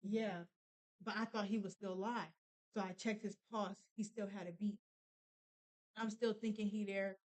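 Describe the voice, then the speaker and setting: A young woman telling a painful personal story, halting with many fillers and restarts. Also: mid-range voice, little pitch movement, rough recording. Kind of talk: casual storytelling.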